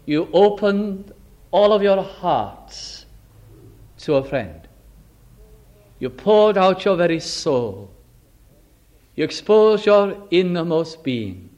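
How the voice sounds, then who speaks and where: Male preacher, high voice, unhurried, intimate sermon delivery. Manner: slow, earnest, with dramatic rises and hushed drops.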